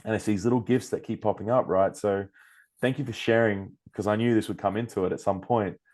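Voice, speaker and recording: Male podcast guest, Australian accent, low-pitched, lively anecdotal delivery with acted-out quotes. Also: a little fast. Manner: animated, swears freely, acts out quoted speech. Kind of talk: casual storytelling.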